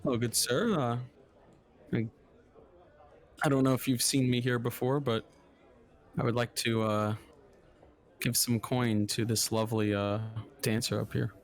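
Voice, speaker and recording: A man's voice: mid-range voice, level tone, unhurried, pauses often, close to an everyday voice. A man voicing a male wizard character, hesitant and over-courteous. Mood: ingratiating. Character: polite male wizard sweet-talking a guard.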